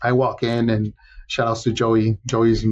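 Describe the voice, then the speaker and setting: A man speaking as a podcast guest, telling his story casually and lively, and acting out the voices of the people he quotes. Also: medium pitch, a little slow, muffled recording. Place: Los Angeles area.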